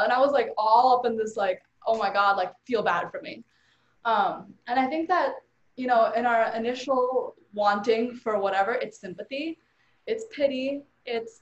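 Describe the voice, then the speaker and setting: Animated young woman host, roomy sound. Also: a little high, moderate pace. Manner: animated, heavy use of "like". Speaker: podcast host. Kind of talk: casual conversational storytelling. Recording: roomy, dull sound with faint hiss.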